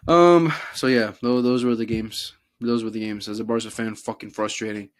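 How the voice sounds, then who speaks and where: A man's voice: on the low side, moderate pace. A young man hosting a casual football talk show, swearing freely and mocking players in put-on voices. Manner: profane, animated, mocks players in put-on voices. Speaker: podcast host.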